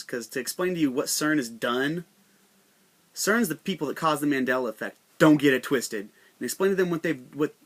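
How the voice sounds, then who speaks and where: With a mid-range voice and a fairly bright tone, a young man from the United States delivers a profane, rambling, joking monologue on his own podcast, loaded with slang.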